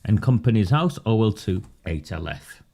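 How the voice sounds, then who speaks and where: A man's voice: lowish voice, big pitch swings, moderate pace, vocal fry, mellow. A man doing casual live commentary on local politics for his viewers. He talks in a sarcastic, mocking way and often breaks into laughter.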